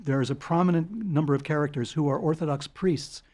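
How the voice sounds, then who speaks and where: An older man, telling long anecdotes as a guest in an interview, animated and chuckling. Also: on the high side, brisk. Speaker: guest author. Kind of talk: storytelling interview.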